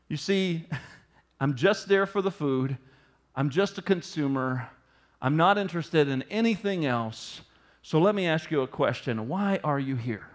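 A male pastor preaching a sermon to his congregation, building into an animated, humorous storytelling stretch. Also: on the high side, unhurried. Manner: animated storytelling, rising and loud in humorous asides. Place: church sanctuary.

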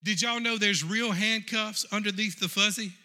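A man preaching a sermon with a very bright, forceful tone that carries over the room. His pitch sits a little high for a man, and he keeps calling out to the congregation as he tells his story. He sounds middle-aged and fully animated in the pulpit. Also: normal speed, a little hiss or hum. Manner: animated, addresses the congregation directly.

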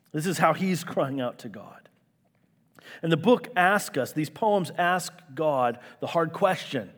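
A man delivers a sermon with earnest emphasis, swinging from exasperated outcries down to hushed, low lines. His voice sits a little high for a man. Long reverb trails behind him, as in a large hall. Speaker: pastor.

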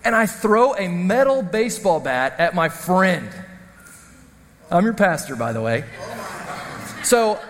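A man preaching a sermon as the pastor, telling stories in an animated, self-mocking way. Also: high voice, slow pace, pauses often, in a large hall. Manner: storytelling, animated, self-deprecating.

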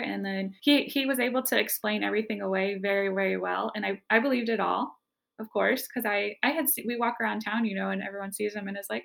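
A woman tells her own story as a guest, talking casually and dropping "like" into her sentences. Her voice is heavily creaky and gravelly throughout, with a relaxed, conversational delivery. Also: mid-range voice, fast talker. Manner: casual, conversational, fills speech with "like". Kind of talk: personal storytelling.

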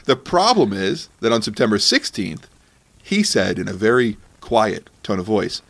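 A man's voice: fairly low pitch, very animated, moderate pace, a bit bright. Sarcastic man hosting a podcast. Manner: sarcastic, mocking. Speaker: podcast host. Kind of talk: comedic podcast commentary.

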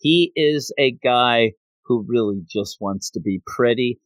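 A man recaps a comic book story in a casual, chatty way, wandering into asides. His voice sits at an ordinary pitch. It is recorded dry and close, with no room sound. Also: measured pace, no echo. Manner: chatty, digressive.

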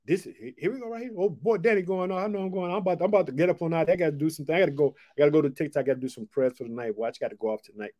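Male preacher, high-pitched, informal and emphatic, repeats catchphrases, reads verses slowly. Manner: swings between loud declarations and hushed asides; slows down to read scripture. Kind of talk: informal devotional Bible teaching.

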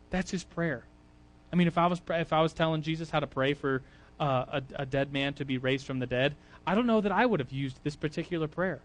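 A male preacher giving an informal, chatty sermon with a slightly high voice. He drifts into quiet asides and then rises into loud emphasis, and fillers scatter through his talk. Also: a little fast. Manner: chatty, conversational, with frequent fillers.

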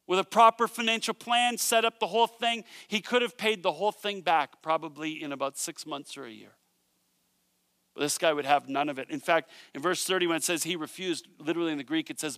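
High, bright-voiced preaching man. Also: no echo, studio quality. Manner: animated storytelling with joking asides. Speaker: pastor. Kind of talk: sermon.

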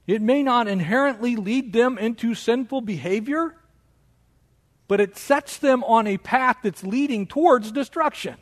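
A man preaching a sermon as pastor of his church, with animated delivery that mocks objections in a raised voice. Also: a little slow. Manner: animated preaching, mocking quoted objections in a higher voice.

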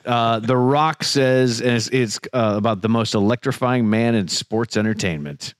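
A man co-hosting a podcast in casual chat, dropping wry, deadpan asides. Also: medium pitch, moderate pace, dry recording, clean studio sound. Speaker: podcast co-host.

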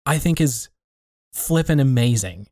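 A man speaks in a reflective, conversational way and stops often to rephrase himself mid-thought. His voice sits in an ordinary middle pitch. The recording is close and dry, with no room sound. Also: lively intonation, a little slow, dark tone, no room sound.

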